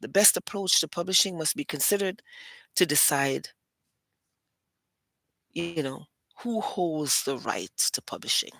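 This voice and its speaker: Bright-voiced woman telling stories. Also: low voice, unhurried, long pauses. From Britain. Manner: animated, acts out other people's voices. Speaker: host. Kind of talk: casual storytelling monologue.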